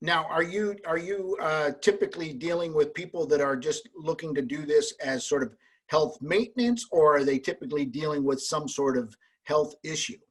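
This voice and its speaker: Husky man asking rambling interview questions. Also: a little high, normal speed. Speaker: host. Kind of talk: casual interview.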